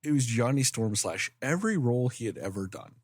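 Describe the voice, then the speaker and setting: A woman's voice: extremely low pitch, animated, a little fast, darkish tone, slightly rough, no room sound, studio quality. A woman co-hosting a movie podcast, chatting casually in a blunt, jokey way and swearing freely. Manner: jokey, blunt, swears, does silly voices. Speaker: podcast co-host.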